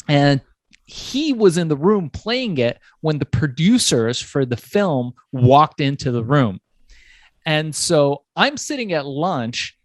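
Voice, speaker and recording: A man hosting a podcast interview, telling stories in an animated, emphatic way. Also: on the high side, no room sound. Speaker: podcast host.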